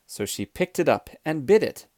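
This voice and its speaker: Guy reading a kids storybook aloud, clear and deliberate, lots of pitch swing. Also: very animated, darkish tone, no room sound, clean studio sound. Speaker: storybook reader. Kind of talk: children's storybook read-aloud.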